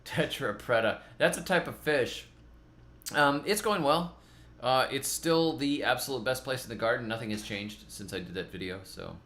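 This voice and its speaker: A middle-aged man chats casually on his gardening channel. He rambles and pokes fun at himself, often doubling up his words, at a middle pitch. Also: normal speed, a bit bright. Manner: rambling, self-mocking, repeats words often. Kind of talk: casual rambling vlog chat.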